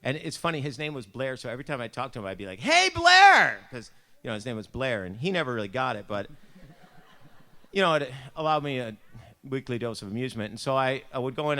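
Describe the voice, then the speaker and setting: A man's voice: mid-range voice, a bit bright. Buffalo guy telling a story at church, chatty and self-mocking, slips into funny voices. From Buffalo, New York. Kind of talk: storytelling devotion.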